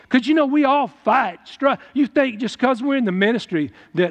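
A man's voice: high-pitched, animated, moderate pace, hardly any pauses. A man preaching a folksy, emphatic sermon to his congregation at church. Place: church hall. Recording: long hall reverb.

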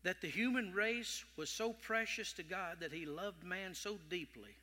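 A male preacher delivering an animated sermon, dropping to whispers and rising to loud calls. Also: sits high, unhurried. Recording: long hall reverb.

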